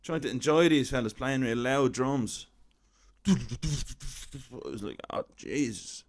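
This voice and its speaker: Irish man, thirties, mid-pitched, wry self-deprecating comic storyteller. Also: a little slow. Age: 30s. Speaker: comedian storyteller.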